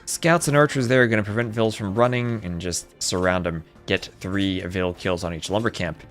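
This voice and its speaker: A man commentating a live strategy game tournament, chatty and excitable, chatting with viewers between plays, with faint music behind. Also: low voice, moderate pace. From New Jersey. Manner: chatty, reads chat aloud, excitable outbursts. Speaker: esports caster.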